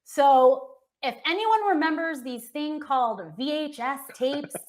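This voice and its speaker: A woman's voice: high voice, measured pace. An American woman hosting a casual entertainment chat show, talking with gushing enthusiasm. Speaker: host.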